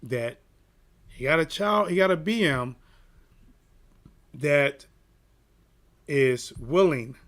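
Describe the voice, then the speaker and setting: A man hosting a boxing channel, telling a personal story in an animated, emphatic way and checking in with "right?". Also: mid-range voice. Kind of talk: casual storytelling rant.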